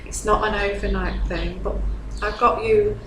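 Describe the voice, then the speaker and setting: A woman's voice: mid-range voice, steady tone, a little slow, roomy sound, noisy background. A woman giving a tarot reading to a viewer, earnest and consoling, often checking in with "okay?". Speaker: tarot reader.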